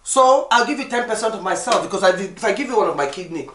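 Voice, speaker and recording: Animated woman in an echoey room. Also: mid-range voice, fast, distant mic, a little hiss or hum. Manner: animated, lively storytelling with emphatic repetition. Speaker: podcast guest. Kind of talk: casual chat.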